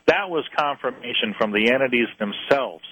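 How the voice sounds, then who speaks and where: A man earnestly tells an interviewer about a case from his UFO research, pausing and restarting his phrases as he goes. His voice is bright and forceful. It is recorded dry, with no room sound. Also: mid-range voice, expressive, no echo, poor audio. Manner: earnest storyteller, halting restarts.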